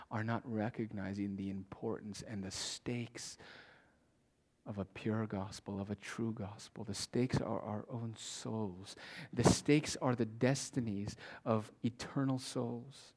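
A man preaching a sermon with passion, repeating phrases for emphasis and swinging between loud declarations and hushed whispers. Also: fairly low pitch, steady tone, measured pace. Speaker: pastor.

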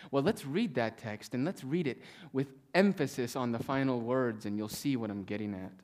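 A male pastor preaching a sermon to a congregation, reading scripture with slow stressed pauses and swinging between loud emphasis and hushed near-whispers. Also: mid-range voice. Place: church in front of a congregation.

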